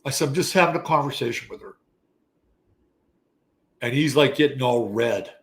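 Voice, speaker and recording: A man in his sixties, an astrology show host, telling a casual story in an animated, profane, conversational way. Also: medium pitch, normal speed. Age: 60s. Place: Texas.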